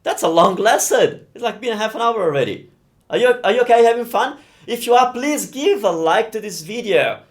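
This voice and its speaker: A young Italian man with an Italian accent, teaching pronunciation live and stretching out sounds to demonstrate them. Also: high voice. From Italy. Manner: animated, drawn-out demonstrations of sounds. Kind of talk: live-streamed pronunciation lesson.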